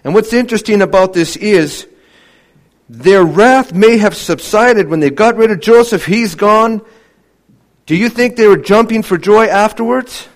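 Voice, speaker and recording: An earnest male preacher delivering a sermon, with a voice set a little higher than most men's. He keeps asking the congregation rhetorical questions and sinks to a hush to drive points home. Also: unhurried. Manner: earnest, many rhetorical questions, drops to a hushed voice for emphasis.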